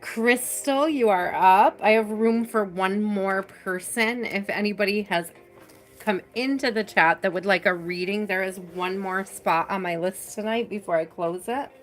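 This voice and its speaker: A woman hosting a live tarot reading in an unhurried, soft and reassuring voice, pausing often on "like" and "um." Her pitch sits in a middle range, and faint music plays behind her. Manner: slow, soft and reassuring, with many fillers. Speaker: tarot reader.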